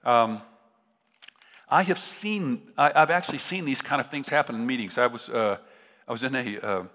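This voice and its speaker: A man's voice: mid-range voice, moderate pace, sharp tone. A man, a middle-aged preacher, tells a humorous story in a sermon, talking casually with many restarts. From United States. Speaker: visiting preacher. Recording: reverberant hall.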